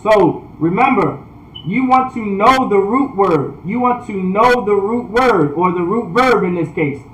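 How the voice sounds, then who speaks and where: High-voiced man teaching in an echoey room. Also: lively intonation, unhurried, a bit bright, a little hiss or hum. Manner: repetitive, checks in with "all right?"; restarts sentences often. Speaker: priest. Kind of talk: online language class.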